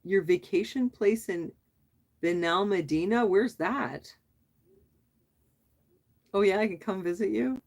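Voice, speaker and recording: A woman's voice: mid-range voice, takes it slowly, long pauses, a little mellow. A middle-aged woman hosting a casual livestream, chatting with viewers and reading their comments aloud, asking questions back and laughing often. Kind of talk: casual live chat.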